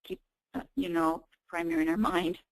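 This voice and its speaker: A woman on a conference call, speaking in a measured, halting way. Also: lowish voice, sing-song, gravelly, no echo, low-quality recording.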